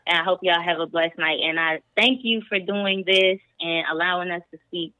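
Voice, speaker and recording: A woman's voice: lowish voice, steady tone, moderate pace, no echo, narrow, tinny audio. A woman calling in to a podcast, giving her opinion emphatically in casual chat. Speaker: caller. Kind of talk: casual chat on a call-in show.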